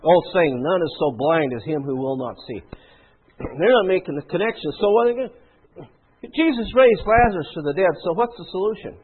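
A man preaching a sermon in a conversational, rhetorical way, often clearing his throat. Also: high-pitched, animated, moderate pace. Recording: tinny phone-like sound.

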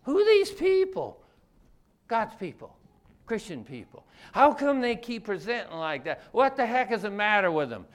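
A man with a high, smooth and resonant voice delivers a folksy Bible-teaching sermon. He talks in a loose, colloquial way and keeps firing rhetorical questions at his listeners. His voice stays clear and ringing throughout. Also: big pitch swings, moderate pace, fairly bright tone. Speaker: preacher.

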